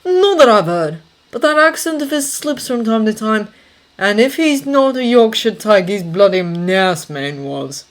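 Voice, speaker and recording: A woman reading a story aloud, voicing a loyal, measured male army corporal who speaks plainly. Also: mid-range voice, animated, close to an everyday voice. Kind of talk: audiobook character voice.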